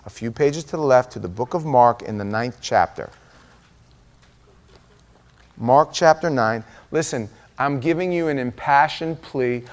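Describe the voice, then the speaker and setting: Male pastor, sermon, impassioned, hushed to loud. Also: medium pitch.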